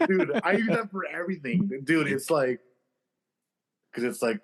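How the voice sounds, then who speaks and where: A man co-hosting a podcast in casual chat, laid-back and joking, who drops his voice low for asides. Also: animated, moderate pace, breathy edge. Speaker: podcast co-host.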